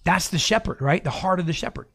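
A man walking through a Bible passage in a relaxed teaching chat, often repeating and restarting his phrases. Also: sits high, fast talker. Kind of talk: casual Bible discussion.

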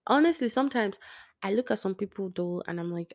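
A woman's voice: medium pitch, expressive, fairly quick, a little mellow. A young woman talking casually to listeners about faith, rambling and correcting herself, sometimes dropping to a near-whisper. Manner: rambling, self-correcting, laughs often, drops to near-whisper. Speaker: Christian speaker.

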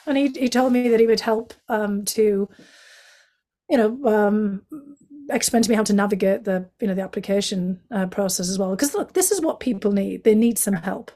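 A woman from Northeast England with a Northeast English accent, a guest telling stories from her life in a chatty way, full of "you know" and lively quotes of other people. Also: medium pitch, moderate pace. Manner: chatty, many "you know" fillers, animated quoting of others. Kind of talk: reflective storytelling in conversation.

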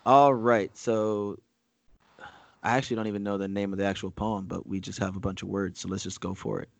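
A man's voice: fairly low pitch, flat delivery, a little fast, gravelly, no echo. A man in casual conversation as a co-host, rambling with frequent fillers and restarts, and reading a speech aloud. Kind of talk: casual chat.

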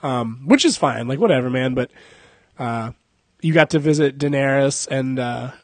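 A man's voice: mid-range voice, expressive, moderate pace, dry recording. A young adult man hosting a casual podcast, joking, cursing and laughing a lot. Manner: profane, joking, laughs often. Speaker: podcast host.

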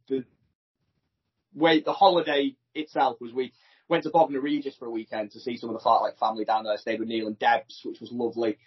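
Heard over a muffled remote connection from a holiday home in France, this podcast co-host has a mid-range, slightly rough voice. He chats and rambles casually about his holiday stories abroad, trading self-deprecating banter.

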